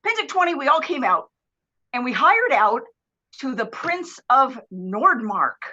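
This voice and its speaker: A woman guest on a live streamed talk show, telling stories in a lively, casual way and acting out the people in them. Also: high-pitched, unhurried, husky. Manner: animated, swears casually, acts out voices. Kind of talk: casual storytelling. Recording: dull lo-fi stream audio.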